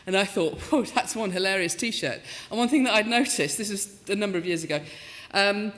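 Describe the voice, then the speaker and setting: A woman in her fifties giving a talk as a professor, telling stories in a lively, self-mocking way and acting out the voices she quotes. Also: medium pitch, brisk. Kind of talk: storytelling talk with comic asides. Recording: lecture hall with long reverb.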